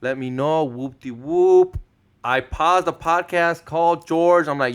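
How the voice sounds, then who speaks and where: Speaking a little slowly in a clean, somewhat high voice, a man in his thirties tells stories with lots of animation as a podcast guest. Spanish is his first language, and he's Mexican-American from Southern California; his casual talk is slangy, he swears, and he acts out quotes.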